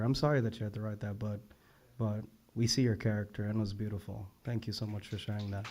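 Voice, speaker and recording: A young man hosting a live open mic, casually reading back poets' lines and praising them, swearing freely and getting loud with enthusiasm. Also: fairly low pitch, level tone, fast. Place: live event venue.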